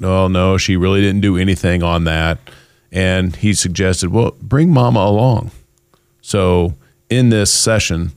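A man's voice: low-pitched, clear, resonant tone, no echo, studio quality. A man co-hosting a podcast in casual chat, loosely retelling a comedy sketch in a rambling way. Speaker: podcast co-host.

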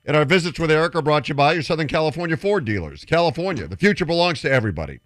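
A man hosting a sports talk radio show, moving briskly through interviews, sponsor reads and segment intros. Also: a little high, lively intonation, fairly bright tone, no echo, clean studio sound.

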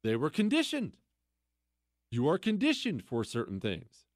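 A man's voice: fairly high pitch, wildly swooping pitch, a little slow, no room sound, clean studio sound. A man hosting a talk radio show, delivering a sarcastic political commentary monologue with mocking repetition and incredulous outbursts.

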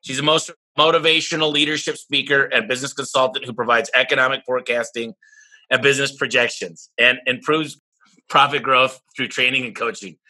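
A man hosting a casual business podcast, energetic and a little rambling. His voice is very bright and forward, at an ordinary pitch. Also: fairly quick, rough recording. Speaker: podcast host.

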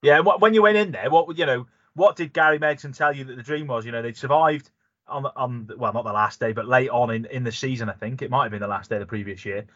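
Male podcast host, quick rambling questions, dry and lo-fi. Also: mid-range voice, a bit bright, no echo. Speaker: interviewer. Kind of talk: casual interview. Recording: dry dull lo-fi sound.

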